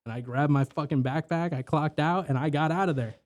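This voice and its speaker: A man's voice: a little high, fairly even intonation, fast talker, few pauses, darkish tone. A young man telling work stories in casual podcast chat, rambling with lots of filler words and swearing.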